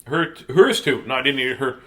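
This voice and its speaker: A man's voice: mid-range voice, moderate pace, a bit bright. A man hosting a storytime video, reading picture books aloud with goofy jokes and chatty asides from home. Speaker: storytime reader host. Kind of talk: playful picture book read-aloud.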